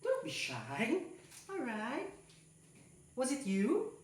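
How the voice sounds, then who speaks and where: A woman teaching a class live, her pitch leaping high as she coaxes students to ask and answer. She speaks slowly and deliberately. The sound is echoey and distant, picked up by a camera far off in the classroom. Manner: animated, coaxing questions to students.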